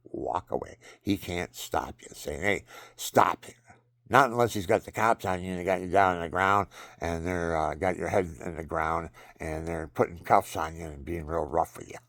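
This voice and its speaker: Low gravelly older man. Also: normal speed, a bit bright, dry recording, clean studio sound. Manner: meandering, restarts sentences, chuckles at his own stories. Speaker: vlogger telling personal stories. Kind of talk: rambling personal storytelling with religious advice.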